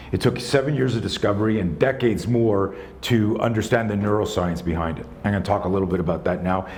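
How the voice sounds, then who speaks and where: A man in his sixties, a self-defense instructor telling a story in a live talk, animated, conversational and profane. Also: fairly low pitch, slight background noise. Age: 60s.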